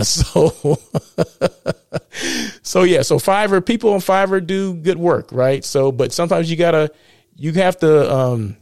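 A man's voice: on the high side, vocal fry, darkish tone, dry recording, clean studio sound. A man from the United States hosting a live show and podcast. He talks casually and chattily, keeps asking "right?" and chuckles at his own jokes. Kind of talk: casual live-stream talk.

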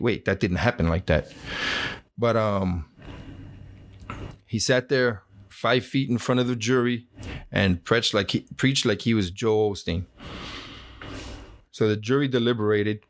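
A middle-aged man tells his own story in a relaxed, plainspoken way, with a wry edge and plenty of fillers and restarts. His voice sits a little low for a man. The recording is dry, with almost no room sound. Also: no echo. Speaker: former Border Patrol agent telling his story. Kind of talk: casual personal storytelling.

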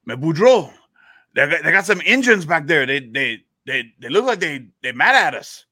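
A man putting on the voice of an excited, panicky man on horseback, with a high, yelping tone. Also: normal speed, no echo, clean studio sound, full character voice.

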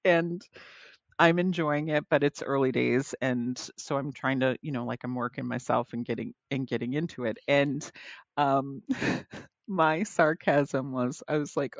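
A woman's voice: a bass voice, fairly even intonation, a little slow, dry recording. Reflective woman co-host, dull lo-fi sound. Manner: reflective, thinking aloud. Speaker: podcast co-host. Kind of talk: casual chat.

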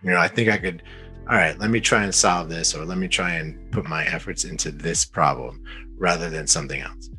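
A young man talking as a podcast guest, rambling through a story with many fillers and restarts and getting animated when he quotes people. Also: low voice, brisk, faint music behind. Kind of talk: casual conversational storytelling.

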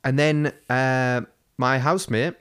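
A man's voice: mid-range voice, fairly even intonation, takes it slowly, a bit bright, clear, resonant tone. A man co-hosting a podcast, telling stories in a rambling, casual way and swearing freely. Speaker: podcast co-host. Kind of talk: casual chat.

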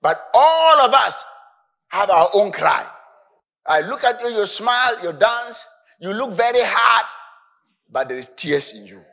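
A male preacher delivers his sermon in a fairly high, very lively voice. He drops into soft asides, then climbs to shouted emphasis. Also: a little slow, gravelly, pauses often.

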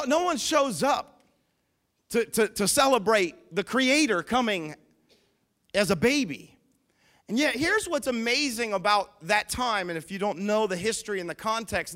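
Preaching with emphasis, a male pastor whose voice sits high asks his congregation questions, his delivery shifting between quiet and loud.

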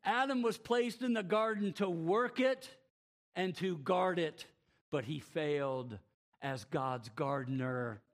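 Male pastor, sermon delivery, unhurried and emphatic, voice sits a touch high. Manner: emphatic preaching with rhetorical questions and wide swings in loudness. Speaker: preacher.

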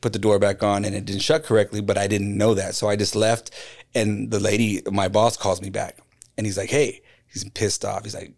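Here a middle-aged man speaks with a fairly low, fairly quick delivery and some vocal fry. He's a graffiti artist guesting on a podcast, recounting something that happened to him in easy conversation and performing the voices of the people involved with animated flair.

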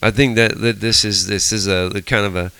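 A man's voice: on the low side, steady tone, a little fast, gravelly, pushed and bright, smooth, no echo, poor audio. A middle-aged man leading a Bible study, telling stories animatedly with frequent restarts. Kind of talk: casual teaching discussion.

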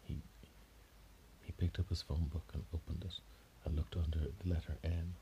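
A man spins an improvised detective tale in a very low, dark voice. He rambles, stops and restarts mid-sentence as he goes. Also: flat delivery, normal speed, muffled recording, slight background noise. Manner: rambling, with frequent restarts and self-corrections. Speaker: storyteller. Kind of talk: improvised story narration.

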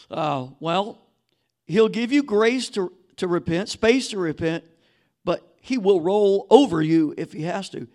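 A man preaching a sermon as pastor, emphatic, dropping to a hush and rising again. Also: high voice, expressive, unhurried. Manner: emphatic preaching, drops to a hushed voice then rises.

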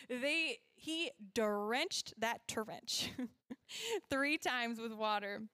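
A woman's voice: sits high, sharp tone, no room sound, studio quality. A woman teaching a casual Bible lesson to children at church. She is chatty, laughs often and corrects herself as she goes.

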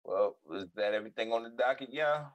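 A man's voice: medium pitch, fairly quick, no echo, dull audio. A man, co-hosting a casual podcast, cracking profane jokes. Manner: wisecracking, profane. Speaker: podcast co-host. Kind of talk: casual chat.

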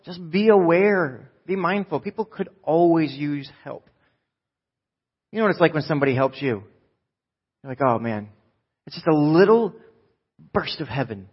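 A man preaching a live sermon to a church congregation, joking and swinging from loud bursts to soft, low asides. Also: husky, highs cut off. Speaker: pastor.

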